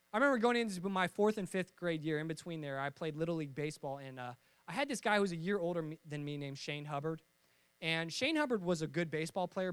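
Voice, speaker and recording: A young pastor tells stories from the pulpit in a lively, joking way, often acting out the voices of the people in them. His voice sits high for a man. The sound is dry and close, with no room echo. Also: smooth. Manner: lively storytelling with jokes and acted-out voices. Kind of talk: sermon.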